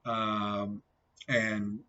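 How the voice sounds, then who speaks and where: A man's voice: on the low side, monotone, extremely slow, bright, forceful tone, a little hiss or hum. A man sharing a personal faith testimony in a rambling way, often checking in with "okay?". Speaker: testimony vlogger. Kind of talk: personal testimony, casual storytelling. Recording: dull lo-fi recording.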